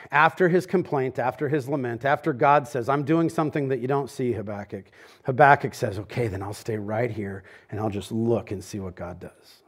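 A man preaching a sermon as pastor, conversational and animated, swinging from loud emphatic lines to hushed ones. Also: mid-range voice. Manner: conversational, with quoted asides.

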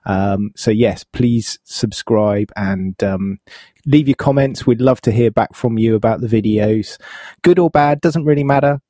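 A man's voice: lowish voice, measured pace, warm tone, no room sound, clean studio sound. A man co-hosting a gaming podcast, asking listeners to subscribe with lots of ums. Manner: hesitant, many ums. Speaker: podcast co-host. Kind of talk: casual chat.

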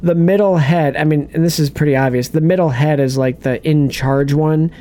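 Excitable man chatting about movies. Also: a little high, normal speed. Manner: excitable, laughs often, trails off. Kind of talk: casual movie chat.

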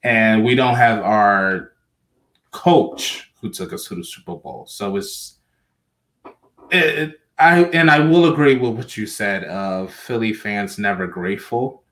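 Halting low-voiced man talking sports. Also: a bit bright. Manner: halting, restarts, slurring words. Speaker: podcast co-host. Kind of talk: casual sports chat.

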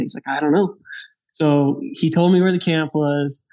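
A man from Wyoming tells a hunting story in a loose, lively way, laughing often and voicing the people he met. His voice sits a little higher than most men's. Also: moderate pace. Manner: animated, laughing, acts out dialogue. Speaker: podcast guest. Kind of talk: casual storytelling.

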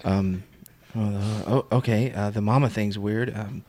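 A man's voice: on the low side, fairly even intonation, unhurried, a little mellow. A man calling in, eager and stammering, giggling as he asks for requests. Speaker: caller. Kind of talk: comedy sketch.

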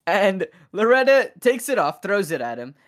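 Podcast host, casual film recap, animated delivery with quick character voicing. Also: mid-range voice.

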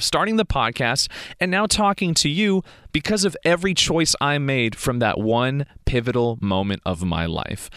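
A young man hosting a podcast, telling a motivational story in a conversational, animated way and acting out the people he quotes. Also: mid-range voice, dry recording, clean studio sound. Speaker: podcast host.

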